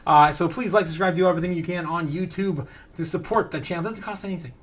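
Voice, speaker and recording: A male livestream host with a notably high voice talks casually and excitedly. He laughs often, reads chat messages aloud and jumps between topics. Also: fast, slight background noise.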